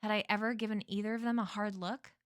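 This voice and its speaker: A woman reading a novel aloud as a stream host, in measured storytelling. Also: mid-range voice, fairly even intonation, clear, resonant tone, no room sound, studio quality.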